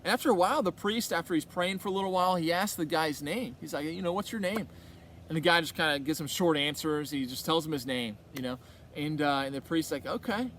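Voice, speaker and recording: A man with a fairly high voice speaks to a retreat group in a loose, chatty way. He retells a story through restarts and quoted snatches of dialogue, keeping the tone of a relaxed faith talk. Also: fast, a little hiss or hum. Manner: conversational, rambling, with many restarts and quoted dialogue.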